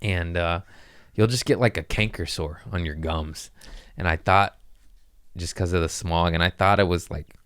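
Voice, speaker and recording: Deep-voiced rambling, profane comedian. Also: male voice, moderate pace, a bit bright, smooth, dry recording, clean studio sound. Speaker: comedian podcast host. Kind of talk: casual podcast chat.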